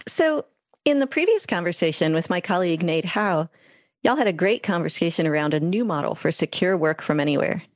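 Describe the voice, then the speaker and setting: Low-voiced woman with a lilt. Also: animated, brisk, no room sound, clean studio sound. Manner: composed, explanatory. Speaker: guest expert. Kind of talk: interview answers.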